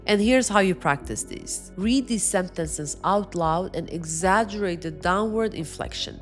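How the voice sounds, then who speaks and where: A woman coaching viewers on how to speak with authority, with a firm, emphatic delivery, demonstrating the points out loud. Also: on the low side, a little slow, hardly any pauses, faint music behind. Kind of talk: direct-to-camera advice lesson.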